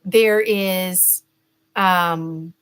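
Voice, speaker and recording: A woman's voice: lowish voice, steady tone, very slow, clean tone. A middle-aged woman giving a casual gemstone reading, chatty and rambling, with many fillers and restarts. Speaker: spiritual reader.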